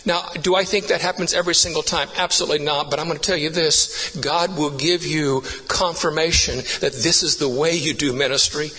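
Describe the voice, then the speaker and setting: A man preaching with an earnest, storytelling delivery that climbs into emphatic, repeated lines. His voice sits a touch high, bright and forceful with a husky edge. It carries a long reverb from a large church hall. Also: fairly quick, hardly any pauses. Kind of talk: sermon.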